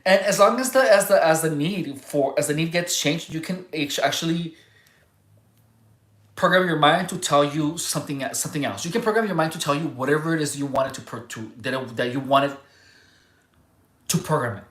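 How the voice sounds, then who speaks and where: A livestream host talking casually and answering viewers' chat, rambling and halting, restarting sentences and searching for words. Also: mid-range voice, fairly bright tone, echoey room.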